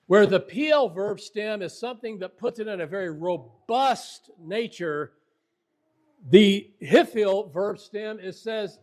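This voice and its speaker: A man teaching a Bible lesson in a fairly high voice. He speaks earnestly and presses hard on key points, often backing up to restart a phrase as he works through his explanation. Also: unhurried.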